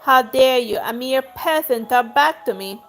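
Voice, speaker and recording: A haughty, quick-tempered young noblewoman, read aloud by a woman from a story game. She hurls scornful insults in a fairly high voice. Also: animated, faint music behind. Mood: imperious. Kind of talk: reading game dialogue aloud.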